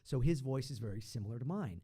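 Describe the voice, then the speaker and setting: A man's voice: medium pitch, expressive, fast, warm tone, husky. A man, a voice actor guest on a podcast, chatting casually and slipping into impressions.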